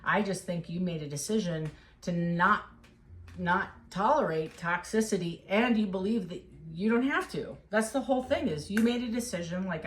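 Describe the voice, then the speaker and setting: A woman's voice: medium pitch, expressive, moderate pace. A woman giving a casual tarot reading, talking straight to the viewer in an encouraging, emotional way. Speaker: tarot reader.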